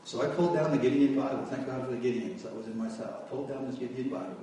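A man's voice: medium pitch, very fast, mellow, distant mic, a little hiss or hum. Man preaching in an echoey hall. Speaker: preacher giving testimony. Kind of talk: testimony sermon.

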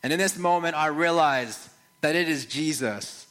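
A man preaching a first-person dramatic sermon, measured and earnest, with rhetorical questions to the listeners. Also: a little high, a bit bright. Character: Mary Magdalene retelling the resurrection, played by a man.

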